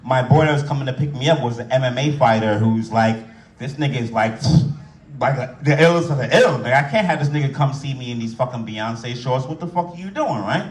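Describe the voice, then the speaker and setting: A man doing profane stand-up storytelling, loud and animated, acting out voices as he tells an anecdote. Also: mid-range voice, fairly quick, roomy sound, far from the mic. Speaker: stand-up comedian.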